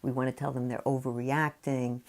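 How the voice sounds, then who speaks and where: A woman's voice: very deep voice, little pitch movement, fairly quick, darkish tone. A woman who writes about parenting, explaining her ideas in a conversational way with many "you know" fillers. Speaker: parenting author. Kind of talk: explanatory talk to camera.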